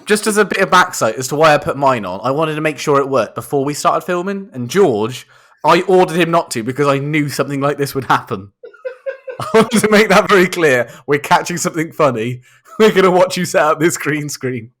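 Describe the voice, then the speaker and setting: A man's voice: fairly high pitch, expressive, brisk, a bit bright. Joking young Englishman co-hosting a podcast. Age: young adult. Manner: joking, bantering, laughs often. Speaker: podcast co-host. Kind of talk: casual chat.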